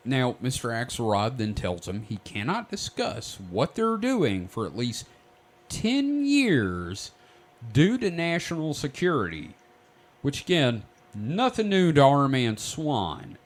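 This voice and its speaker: A man leads a loose, jokey podcast chat, recounting a strange story. His pitch swings widely as he tells it, and he laughs and swears freely. He sounds like a regular host among friends. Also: huge pitch swings, slow pace. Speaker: podcast host presenting the research. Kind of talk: casual comedic podcast banter.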